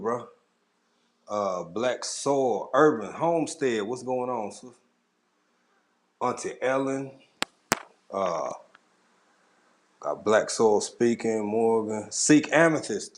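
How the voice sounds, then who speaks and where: A man hosting a casual livestream, greeting viewers in the chat one by one in a laid-back way. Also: lowish voice. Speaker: livestream host. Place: home at a camera.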